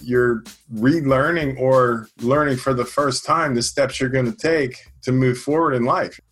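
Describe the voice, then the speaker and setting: Podcast host guy, encouraging, sums stuff up, mid-pitch voice. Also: steady tone, measured pace, fairly bright tone, faint music behind. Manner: encouraging, sums up guest's points. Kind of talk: interview conversation.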